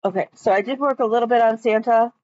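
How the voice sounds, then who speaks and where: A woman's voice: a little high, quick pace, darkish tone, dry recording, dull audio. A woman vlogging about her stitching at home in a rambling, chatty way, with many ums. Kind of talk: casual chat.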